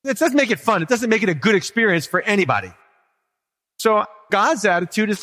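Man pastor, slightly high voice, conversational and funny, long church-hall reverb. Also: very animated, fairly quick, sharp tone. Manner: conversational and humorous, asks the congregation questions. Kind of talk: sermon.

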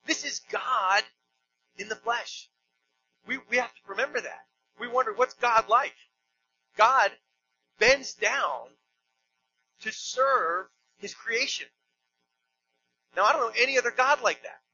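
A man preaches in a church with a high, bright, cutting voice. He tells the story emphatically and drops joking asides to the congregation. The recording is a little dull, with a faint hum underneath. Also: a little slow, long pauses, dry recording. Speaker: pastor. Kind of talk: sermon.

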